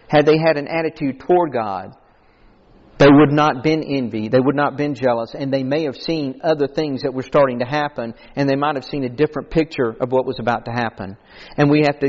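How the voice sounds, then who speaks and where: A man preaching a sermon in an earnest, folksy way, telling illustrative stories. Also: fairly high pitch. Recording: echoey hall, dull lo-fi recording.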